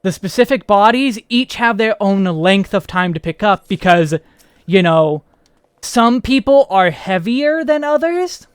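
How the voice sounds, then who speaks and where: An American man streaming a game, chatting loosely and joking at his own expense. His voice sits high for a man and comes through smooth and clean. The sound is close and dry, with no room around it. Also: lively intonation, unhurried, dry recording. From United States. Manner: rambling, self-deprecating chatter. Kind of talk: casual gameplay commentary.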